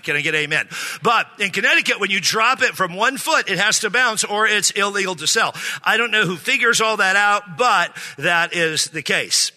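Bright-voiced pastor preaching in a hall. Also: male voice, high voice, lively intonation, moderate pace. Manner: joking, calls for amens from the congregation. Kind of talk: sermon. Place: church sanctuary. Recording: hall reverb.

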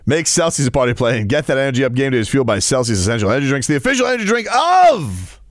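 Lively, joking sports radio host. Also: male voice, racing, dry recording, studio quality. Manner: animated, joking, jumps around in pitch. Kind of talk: casual sports radio chat.

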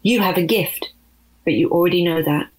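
A woman voicing a firm, brisk adult woman agent in a storybook reading. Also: lowish voice, natural voice, rough recording. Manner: firm, clipped.

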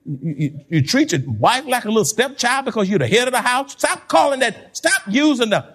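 A pastor preaching a sermon, animated, repeating words and laughing between points. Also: male voice, very high-pitched, fairly quick, husky.

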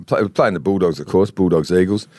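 A low-voiced Australian man co-hosting a sports podcast in casual chat. He rambles through his stories, restarting sentences as he goes. The sound is dry and close to the mic. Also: fairly quick, a little mellow, no room sound. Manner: rambling storyteller, many restarts.

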